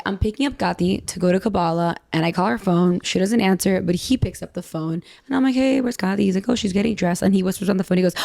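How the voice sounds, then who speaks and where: A woman's voice: mid-range voice, gravelly. A young woman hosting a podcast, telling a story in casual chat, acting out quotes and saying "like" a lot. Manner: animated storytelling, acts out quotes, says "like" a lot. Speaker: podcast host.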